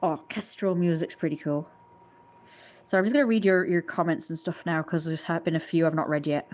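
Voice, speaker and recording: A woman's voice: low voice, steady tone, fairly quick. A young woman rambling casually to her livestream viewers, full of fillers and restarts. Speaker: livestream host.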